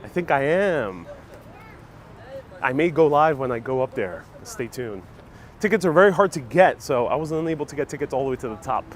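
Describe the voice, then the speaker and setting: Here a man with a mid-range voice speaks fairly quickly, his intonation lively and animated. He's a travel livestreamer on a relaxed outdoor walk through a city, reading viewer comments out loud, chatting brightly and laughing frequently.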